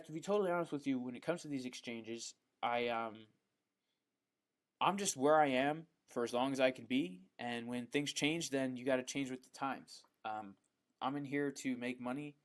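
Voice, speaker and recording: A man hosting a live stream, reading out viewer questions and answering them in a relaxed, chatty way, with frequent ums and the odd "bro". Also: medium pitch. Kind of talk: casual live Q&A chat.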